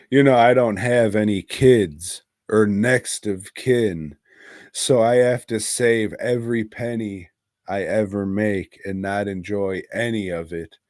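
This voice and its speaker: A man's voice: fairly low pitch, a little mellow, dry recording, studio quality. A man co-hosting a podcast, talking in a sardonic, gloomy and profane way. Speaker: podcast co-host. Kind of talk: casual podcast chat.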